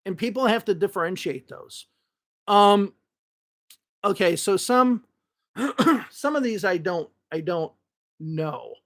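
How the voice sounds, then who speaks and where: A man's voice: high-pitched, lively intonation, takes it slowly, long pauses, fairly bright tone. A man from Chicago with a Northwest suburban Chicago accent, hosting a podcast as an English teacher in casual, blunt and profane chat that rambles with restarts. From Chicago, United States.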